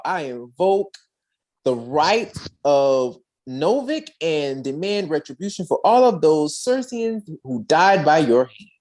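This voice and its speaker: A young woman co-hosting a podcast, sassily retelling an episode and acting out the characters' lines in a slangy, expressive way. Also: low voice, slow. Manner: sassy, expressive, slangy storyteller who jumps into character voices. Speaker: podcast co-host recapping an episode. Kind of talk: animated comedic recap with acted-out voices.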